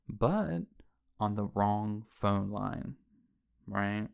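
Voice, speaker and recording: A man's voice: fairly low pitch, fairly even intonation, a little slow, creaky. A man casually recapping a horror movie scene by scene, rambling and conversational, often checking in with listeners. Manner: rambling, conversational, with frequent "like" and "right?". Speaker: film commentary host.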